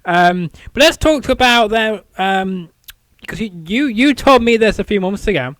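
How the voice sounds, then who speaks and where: A man's voice: high-pitched, animated, unhurried, fairly bright tone, no echo. A man hosting a casual interview show, rambling with many fillers and repeated "I think". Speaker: show host.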